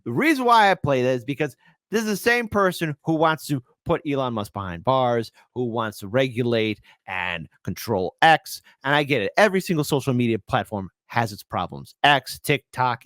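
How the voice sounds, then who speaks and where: A man hosting a casual commentary show, jokey and excitable, and often poking fun at himself. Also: mid-range voice, moderate pace, dry recording, studio quality. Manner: jokey, excitable, self-mocking.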